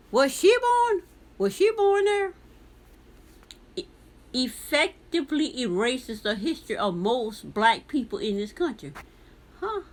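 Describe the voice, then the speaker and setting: A woman from the United States vlogging, reading a news article aloud and commenting on it, talking back to the text with pointed questions. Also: mid-range voice.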